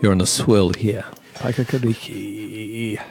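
A man's voice: fairly low pitch, fairly even intonation, measured pace, vocal fry, darkish tone, soft background music. A man hosting a small radio show, laid-back and jokey. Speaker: radio host. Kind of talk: casual radio chat.

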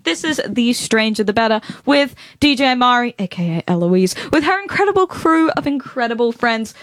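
Giggly high-voiced New radio host woman. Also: animated, moderate pace, dry recording. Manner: giggly, playful, chatty. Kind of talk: casual community radio chat.

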